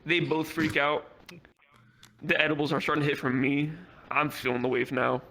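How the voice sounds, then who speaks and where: A man doing stand-up, telling a rambling, profane story with quick acted quotes in a virtual comedy club. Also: a little high, steady tone, bright, forceful tone.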